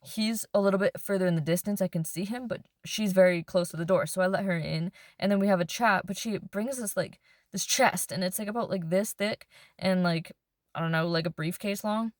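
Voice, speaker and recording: A woman's voice: medium pitch, brisk, dry recording, studio quality. A woman vlogger telling a casual storytime in a car, chatty and peppered with "like.". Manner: chatty, fills speech with "like". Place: inside a car.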